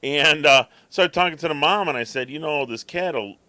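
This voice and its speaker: A man's voice: a little high, brisk, bright, forceful tone, dry recording. A man co-hosting a podcast, telling a long, rambling story in casual chat and acting out his cat's thoughts. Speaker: podcast co-host.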